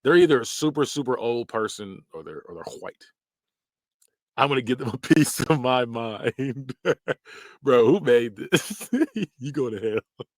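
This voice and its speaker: A man's voice: mid-range voice, expressive, a little slow, no echo, clean studio sound. A man hosting a podcast, giving casual, joking reaction commentary and laughing often. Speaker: podcast host.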